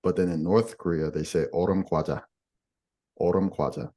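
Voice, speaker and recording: A man's voice: low voice, fairly even intonation, rapid-fire, mellow. A man explaining language differences in a podcast conversation, patient and giving examples as he goes.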